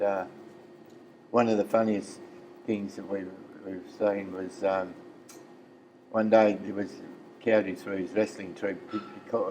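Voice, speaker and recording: Man, 70s, Australian accent, low voice, rambling storyteller, faint background noise. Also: dark tone, poor audio. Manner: rambling yarn-teller who acts out quoted voices. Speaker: interview guest, former footballer. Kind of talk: casual storytelling interview.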